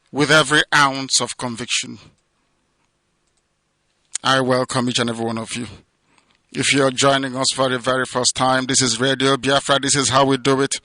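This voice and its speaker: A man with a Nigerian accent giving an impassioned radio address, declaiming with loud peaks that drop to low, hushed passages. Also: no echo. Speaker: movement leader giving a radio broadcast.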